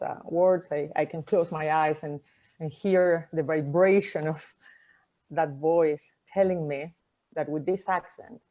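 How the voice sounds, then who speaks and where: Reflective woman speaking with a non-native accent. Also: low voice. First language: not English. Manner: reflective, with pauses and soft endings; conversational fillers like "like" and "you know". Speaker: speaker giving a talk. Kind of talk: personal talk, storytelling.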